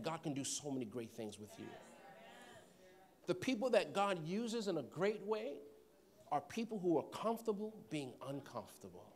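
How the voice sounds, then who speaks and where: A man's voice: high-pitched, a little mellow. A man preaching a sermon, telling stories, acting out voices and laughing often. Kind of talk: sermon with storytelling.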